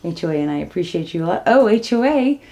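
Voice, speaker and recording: Bubbly gravelly-voiced woman artist. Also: on the low side, sing-song, fast talker, mellow. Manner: bubbly, gushing, laughs often. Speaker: acrylic pour artist hosting her channel. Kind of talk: casual craft demo chat.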